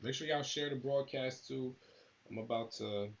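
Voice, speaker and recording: A man's voice: medium pitch, normal speed, muffled recording. A man hosting a live stream, talking casually and rambling straight to his viewers. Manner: laid-back, rambling, talks straight to viewers. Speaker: battle rap channel host.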